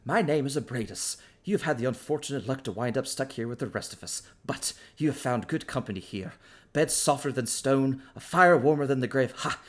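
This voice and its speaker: A man voicing a calm, weathered older half-elf camp leader who speaks in a welcoming, grandiose way. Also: mid-range voice, a little fast, voice pushed up, lightly acted.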